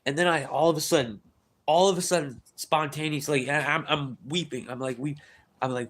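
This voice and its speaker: A man on a live stream, rambling through a story with many restarts and tag questions, getting louder and higher as he gets worked up. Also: a little fast. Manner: rambling, repeats "right?" and "dude", many restarts; grows loud and high-pitched when excited.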